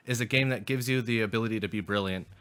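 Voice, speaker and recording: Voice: mid-range voice, quick pace, a bit bright, smooth. A podcast co-host in casual gaming talk, musing with many restarts and fillers like "you know" and "like".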